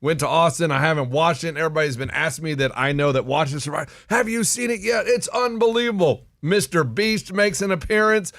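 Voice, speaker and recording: A man co-hosting a radio morning show, gushing excitedly as he recaps things. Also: a little high, brisk, few pauses, no echo, clean studio sound. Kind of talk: casual morning show banter.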